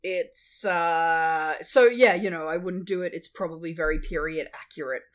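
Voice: medium pitch, normal speed. A podcast co-host in a casual movie review chat, blunt and sweary, laughing often.

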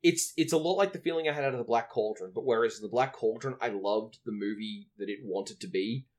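A man's voice: medium pitch, quick pace. An Australian man co-hosting a casual podcast chat, wry and grumbling. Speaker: podcast co-host.

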